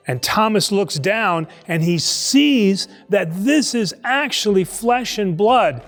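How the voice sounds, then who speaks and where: A priest telling a Bible story to children in a lively, conversational way, acting out the voices. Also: male voice, high-pitched, slow pace, few pauses, long reverb tail, faint music behind. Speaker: priest teaching Sunday school. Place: church.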